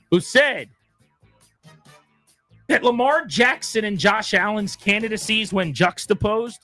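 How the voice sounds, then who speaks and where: High, bright-voiced sports radio man. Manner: emphatic, rattles off stats like a closing argument. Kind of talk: mock courtroom argument on sports radio.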